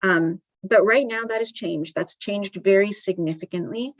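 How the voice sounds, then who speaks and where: A woman presents live at a conference venue, speaking conversationally with frequent ums and restarts. Her voice is medium-pitched at a moderate pace, and the audio is dull with no echo.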